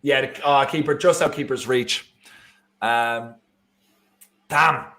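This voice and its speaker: An Irish man co-hosting a live football watchalong, joking and reacting excitedly to the match. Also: mid-range voice, slow. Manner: excitable, jokey, bursts into shouting and laughter. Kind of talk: casual live match chat.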